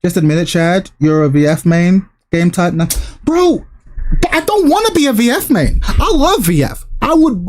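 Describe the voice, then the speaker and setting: A man streaming, ranting to his chat with exasperated, repetitive, swearing commentary. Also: sits high.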